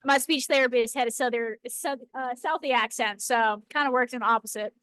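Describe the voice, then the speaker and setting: A woman's voice: a little high, fairly even intonation, normal speed, fairly bright tone. A woman with a Boston accent co-hosting a casual live stream, playful and teasing. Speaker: co-host of a live rock-cutting stream.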